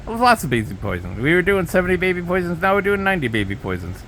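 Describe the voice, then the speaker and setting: A man's voice: high voice, very animated, very fast, fairly bright tone, a little hiss or hum, pitched above the performer's own voice. A man putting on a mocking impression of a boastful older male politician who brags in superlatives.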